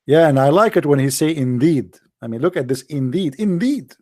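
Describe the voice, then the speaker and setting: A man's voice: fairly high pitch, darkish tone, no room sound, studio quality. A man giving mocking religious commentary, sarcastic and sing-song, drawing out the words he quotes. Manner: sarcastic, sing-song mockery with slow drawn-out quoting.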